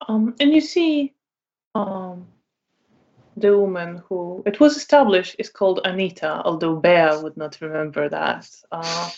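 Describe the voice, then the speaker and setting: A woman narrating a tabletop role-playing game as storyteller, in an unhurried way with many fillers. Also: on the low side, darkish tone, dull audio.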